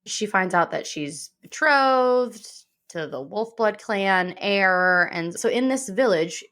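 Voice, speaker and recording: A woman's voice: medium pitch, takes it slowly. A woman co-hosting a podcast, chatting casually and reading a book description aloud before explaining it in her own words. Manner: relaxed, conversational, reads aloud then explains. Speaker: podcast co-host.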